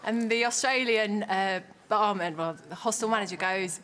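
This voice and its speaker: A woman's voice: medium pitch, moderate pace, a bit bright, slight background noise. A woman from England telling a funny anecdote on a talk show, chatty and hesitant with many fillers. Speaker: audience member telling a story. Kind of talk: casual anecdote. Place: television studio with audience.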